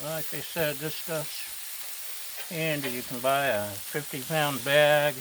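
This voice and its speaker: Taking it slowly at a medium pitch, a home cook vlogger keeps up playful, chatty commentary while cooking outside, sometimes addressing the dogs. The background is filled with loud griddle sizzling.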